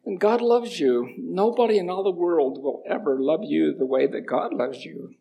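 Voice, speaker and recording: A middle-aged man with a runny nose speaks informally at church, telling folksy stories and reading scripture. His voice is a little high with vocal fry, at a normal speed. The sound is lo-fi, with slight background noise.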